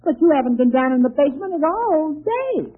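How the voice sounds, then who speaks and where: An actor playing a flustered, bumbling husband who stammers and laughs nervously, in 1940s radio acting. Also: male voice, very high voice, very animated, fast talker. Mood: sheepish. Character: flustered bumbling husband caught out, adult man. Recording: tinny old radio broadcast.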